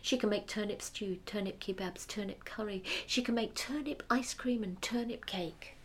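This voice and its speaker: A woman's voice: mid-range voice, normal speed, a little hiss or hum, natural voice. A woman doing a fretful, stammering hunter man. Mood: fond. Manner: rambling, stammering repeats. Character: timid put-upon male hunter, fretful and meek.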